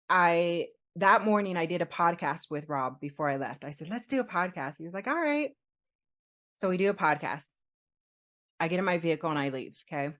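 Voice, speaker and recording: Animated woman telling a story, lowish voice. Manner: animated, laughs often, acts out quotes. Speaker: podcast co-host telling her proposal story. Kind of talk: casual storytelling chat.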